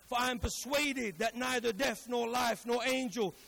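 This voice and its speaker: A man with a very high voice preaches a sermon with a husky edge. He moves between hushed storytelling and loud, emphatic calls, repeating phrases for emphasis. His delivery builds and falls in waves. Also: moderate pace.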